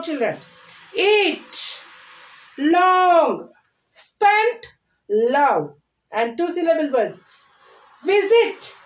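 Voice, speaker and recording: A woman teacher, giving a recorded class lesson and repeating words slowly for children to say after her. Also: very high-pitched, roomy sound, rough recording.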